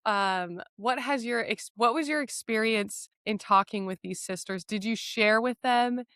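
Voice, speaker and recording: A woman's voice: fairly high pitch, unhurried, no echo, clean studio sound. Affirming woman podcast host. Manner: affirming, asks gentle follow-up questions. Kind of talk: interview conversation.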